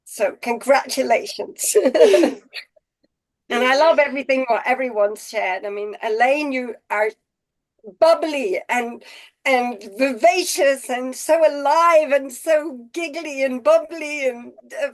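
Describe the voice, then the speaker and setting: A woman's voice: sits high, measured pace. A woman on a group video call, gushing with praise, rambling with many fillers. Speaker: call participant.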